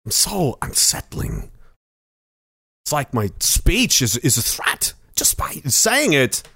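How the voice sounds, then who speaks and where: A man doing an impression of an unsettling male movie star, speaking slowly, with odd pauses and a quietly threatening tone. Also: medium pitch, wildly swooping pitch, creaky, husky, dry recording, heavily acted. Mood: eerie menace. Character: eerie, halting male movie star, calmly menacing.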